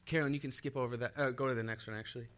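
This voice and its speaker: A man's voice: medium pitch, fairly even intonation, racing, fairly bright tone. A young man preaching a sermon in an upbeat way, laughing often and leading the congregation in call-and-response. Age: young adult.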